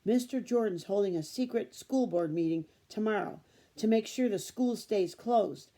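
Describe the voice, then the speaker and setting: A woman's voice: medium pitch, moderate pace, dark tone, pitched above the performer's own voice, close to an everyday voice. Woman voicing an eager young teacher. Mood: urgent. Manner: urgent and breathless.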